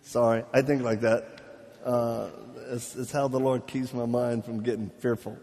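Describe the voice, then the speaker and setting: A man's voice: medium pitch, normal speed. A man preaching a live sermon, telling stories with jokes, laughing at himself and acting out the voices of people he quotes. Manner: lively, joking, acts out quoted voices; laughs at his own jokes. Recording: long hall reverb.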